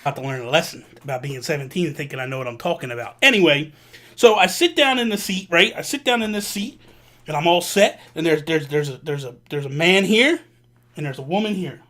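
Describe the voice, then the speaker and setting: A man hosting a vlog, telling a personal story in an animated, casual way with slang. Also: on the high side, a little fast. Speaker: vlog host. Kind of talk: storytelling to camera.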